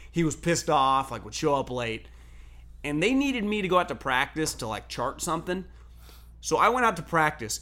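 Sports talk guy, kinda high voice, swears a lot, tells stories all fired up. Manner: animated storytelling, profane, laughs often. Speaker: sports talk show host.

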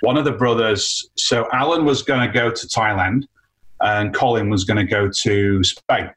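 A man, an entrepreneur guest, telling an animated story about his career in a casual, chatty way with frequent fillers. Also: fairly low pitch, normal speed, poor audio. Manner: animated anecdote with many fillers.

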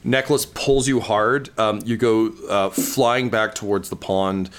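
A man narrating a tabletop game as game master, relaxed and full of ums. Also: lowish voice, slow. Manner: relaxed, many ums and uhs.

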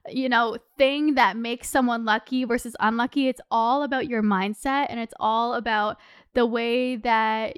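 A young woman in her twenties with a high, smooth, clear voice, hosting her own podcast in loose, chatty talk. She gets heated and passionate, fills her sentences with "like" and swears casually. The sound is close and dry, with no room echo. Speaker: podcast host. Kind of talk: casual solo podcast chat.

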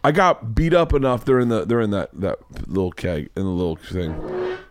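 A man hosting a podcast, telling a story in casual chat, profane and animated, acting out the people in it. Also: fairly low pitch, moderate pace, no echo. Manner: profane, animated storyteller who acts out voices. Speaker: podcast host.

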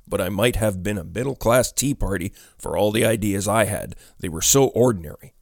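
A man narrating a ghost story in a measured storytelling delivery. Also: lowish voice, creaky, no echo, clean studio sound.

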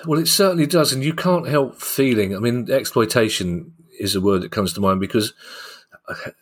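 A man's voice: medium pitch, normal speed, slightly rough. A man hosting a football podcast, chatty and easily amused as he runs through the stories. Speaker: podcast host. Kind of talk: casual football news chat.

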